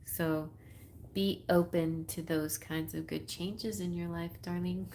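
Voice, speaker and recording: A woman from Texas with a Texan accent, chatting in a relaxed way and laughing often as she reads tarot on a live stream. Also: fairly low pitch, slow. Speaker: tarot reader.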